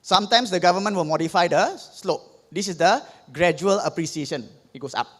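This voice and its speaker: Man, Singaporean English accent, economics tutor, keeps asking "okay?", fairly high voice, long reverb. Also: brisk, fairly bright tone. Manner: repeats "okay?" often, explains step by step. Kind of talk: revision lecture.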